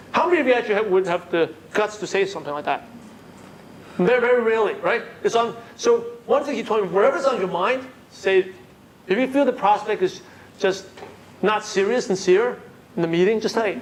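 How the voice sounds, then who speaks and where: High-voiced man coaching a seminar crowd. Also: brisk, slight background noise, low-quality recording. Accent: non-native English accent. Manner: animated, coaching, asks the room questions. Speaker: network marketing trainer. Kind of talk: seminar talk to a live audience.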